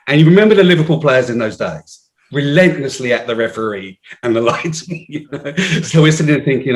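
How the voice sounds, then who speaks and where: Man, podcast guest, animated storyteller, middle-pitched voice. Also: brisk. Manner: animated, restarts a lot. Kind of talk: casual storytelling.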